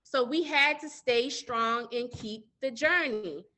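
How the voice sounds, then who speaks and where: A woman's voice: fairly high pitch, takes it slowly, sharp tone. A middle-aged woman business owner, a guest telling her story earnestly in an interview and talking straight to listeners. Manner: earnest, addresses listeners directly as y'all.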